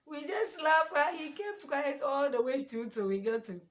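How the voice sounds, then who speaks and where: Woman telling a story, high voice, keeps laughing. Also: moderate pace. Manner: laughing often, lively. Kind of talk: casual storytelling.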